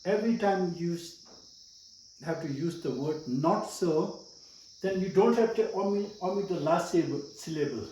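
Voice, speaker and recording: A man's voice: sits high, lively intonation, moderate pace, warm tone. A man with a Tibetan accent teaching a language lesson, patiently explaining rules step by step and repeating words. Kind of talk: slow spoken language lesson. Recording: echoey room, distant mic, faint noise.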